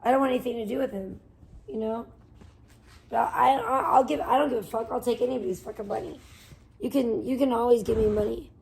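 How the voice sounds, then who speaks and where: A woman livestreaming, ranting in a profane, defensive way that swings between muttering and loud outbursts. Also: a little high, fairly even intonation, fairly quick, vocal fry, slightly rough. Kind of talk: casual livestream rant.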